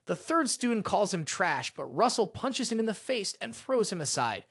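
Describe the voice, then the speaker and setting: A narrator reading a fantasy comic recap as scripted storytelling in a steady manner, recorded close on a voice-over mic. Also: mid-range voice, moderate pace, slightly rough, no room sound.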